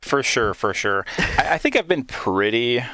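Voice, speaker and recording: A man's voice: medium pitch, sing-song, normal speed, bright, forceful tone, no echo. A man guesting on a podcast, chatting casually and laughing between points. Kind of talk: casual chat.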